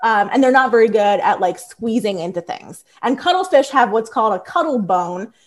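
Woman, Philadelphia accent, thirties, fairly high voice, animated casual storytelling, lots of "like". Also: normal speed. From Philadelphia area. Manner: lively, frequent "like" fillers. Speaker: guest, squid biologist.

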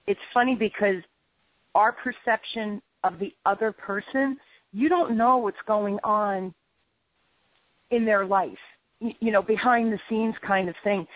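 A woman business trainer telling stories in a conversational interview, animated and full of "you know" fillers. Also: medium pitch, no echo. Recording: dull lo-fi audio.

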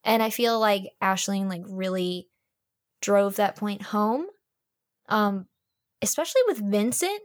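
A woman co-hosting a podcast, reviewing an audiobook in casual, fast chat full of "like" fillers. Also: mid-range voice, lively intonation, no room sound, studio quality. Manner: chatty, fast, lots of "like" fillers.

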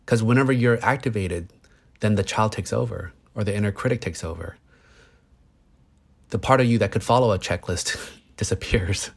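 Guy in his 30s with a lowish voice, earnest psychologist explaining stuff with examples. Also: moderate pace, vocal fry. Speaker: psychologist guest. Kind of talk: conversational explanation.

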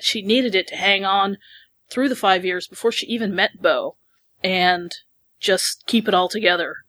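A woman co-host chatting away freely on a podcast. Her voice sits at a middle pitch with an ordinary, even delivery, and she talks a lot once she gets going. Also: poor audio. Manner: chatty and talkative. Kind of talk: casual chat.

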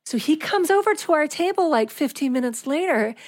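A woman's voice: sits high, expressive, fairly quick. A woman in her thirties, a podcast host, telling a long story in casual chat. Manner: chatty, rambling storyteller with fillers and restarts.

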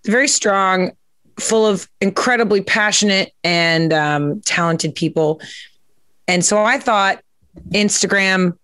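A woman's voice: fairly low pitch, fairly bright tone, dry recording. A woman hosting a podcast in a casual, chatty way, with lots of fillers and giggles as she reads captions aloud. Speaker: podcast host. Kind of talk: casual interview chat, reading captions aloud.

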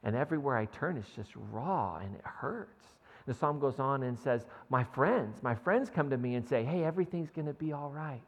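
A man's voice: mid-range voice, animated, normal speed, hardly any pauses, big-room sound. A man preaching a sermon in a conversational way, often checking in with his listeners and reading scripture aloud. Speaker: pastor. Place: church sanctuary.

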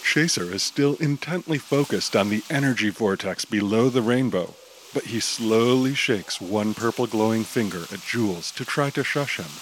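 A man narrating an audio drama in a steady, descriptive storytelling manner. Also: lowish voice, normal speed, slight background noise, rough recording.

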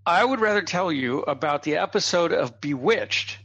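Lively storytelling man, muffled dry sound. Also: fairly high pitch, normal speed, slightly rough, no room sound. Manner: lively raconteur with asides and chuckles. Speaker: guest comedy writer. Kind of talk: anecdotal storytelling in a podcast interview. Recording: dull, slightly lo-fi dry audio.

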